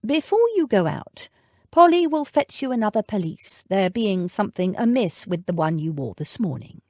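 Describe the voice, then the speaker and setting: A woman voicing a proper male butler, composed and formal, speaking in a measured, unruffled way in an audiobook. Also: medium pitch, big pitch swings, darkish tone, dry recording, clean studio sound.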